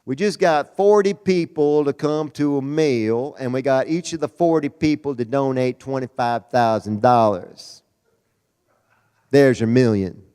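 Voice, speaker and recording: A man putting on a plain-spoken Tennessee man with a thick Southern country accent and a slow, matter-of-fact drawl. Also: medium pitch, warm tone, clear, resonant tone, in a large hall, close to an everyday voice.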